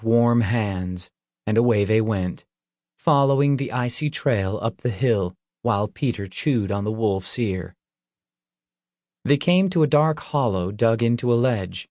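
A man reading a dark novel aloud at a slow, unhurried pace, with a mid-pitched voice. The recording is close and dry, like a home booth. Each sentence is laid down evenly and deliberately. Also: dry recording. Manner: measured, even storytelling. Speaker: audiobook narrator. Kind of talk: scripted audiobook narration.

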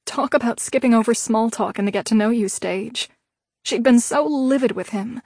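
A woman reading an audiobook in steady, measured scripted narration on a close mic. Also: fairly high pitch, no room sound.

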